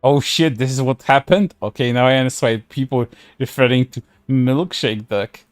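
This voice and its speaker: A man's voice: medium pitch, fairly even intonation, normal speed, no room sound, clean studio sound, faint music behind. A man streaming casual commentary, reading posts aloud in a sarcastic way, laughing and swearing often.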